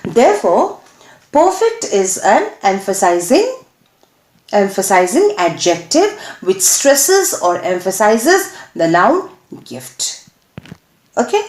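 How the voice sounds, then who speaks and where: A woman teacher with an Indian English accent giving a grammar lesson, halting with many fillers and checking questions to the class. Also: mid-range voice, big pitch swings, darkish tone. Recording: echoey room.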